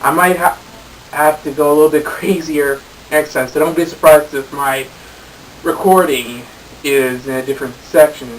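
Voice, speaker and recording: A man's voice: a little high, fairly even intonation, moderate pace. A man talking to the camera from his own room, venting with heavy swearing and stammering restarts. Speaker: game reviewer host. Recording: distant mic with hiss.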